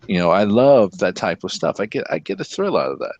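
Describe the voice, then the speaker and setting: A man with a low voice talks in an easygoing, chatty way, now and then sliding into a smooth announcer delivery. The sound is close and dry, with no room around it. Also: sing-song, a little fast, few pauses, a little mellow, no echo. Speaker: guest. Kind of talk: casual chat.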